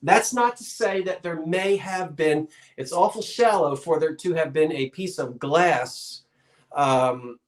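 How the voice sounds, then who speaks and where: A man's voice: on the high side, slow, roomy sound. Chatty man hosting a live sale. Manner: chatty and folksy, rambling asides. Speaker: live online auction seller. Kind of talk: live-streamed sale, casual chat.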